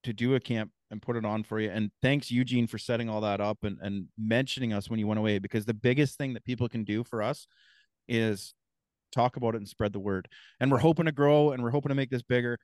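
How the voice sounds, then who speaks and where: A man's voice: mid-range voice, fairly even intonation, quick pace, a little mellow, dry recording. Easygoing man hosting, dry close sound. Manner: easygoing, swearing storyteller. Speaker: podcast host. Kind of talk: casual chat.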